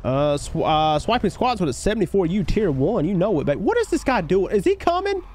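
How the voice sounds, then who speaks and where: A man's voice: high-pitched, sing-song, brisk, darkish tone. A man live-streaming a shooter game, chatting with teammates and viewers in a hyped, slangy way, calling everyone baby and bro. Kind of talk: casual gameplay chat with teammates and viewers.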